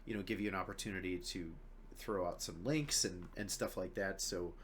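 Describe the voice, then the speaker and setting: A man hosting a casual podcast chat, chatty and laughing often, sometimes dropping to a low murmur. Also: steady tone, moderate pace, a little hiss or hum. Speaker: podcast host.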